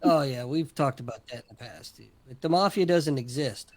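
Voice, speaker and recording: A man's voice: medium pitch, fairly quick. A man hosting a casual podcast chat, joking and laughing often. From United States.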